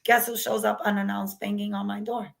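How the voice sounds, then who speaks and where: A woman's voice: medium pitch, little pitch movement, brisk, gravelly, low-quality recording. A woman, speaking candidly as an interview guest recounting her own experience and acting out past conversations. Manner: candid, acts out past dialogue. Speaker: guest sharing her story. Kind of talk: personal storytelling.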